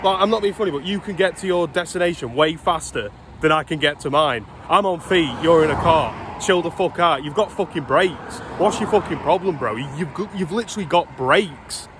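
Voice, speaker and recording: A man's voice: fairly high pitch, moderate pace, few pauses, noisy background. A British man in his twenties, ranting and swearing as he tells stories while walking down a street. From Britain. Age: 20s. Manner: swearing, exasperated storytelling. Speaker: vlogger. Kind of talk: casual ranting vlog. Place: outdoors walking along a street.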